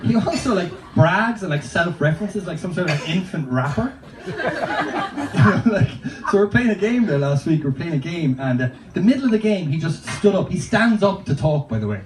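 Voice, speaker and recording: A man's voice: high voice, sing-song, moderate pace. A man performing a stand-up comedy set, telling rambling, sweary anecdotes in a loose, chatty way. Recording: roomy, distant, noisy live recording.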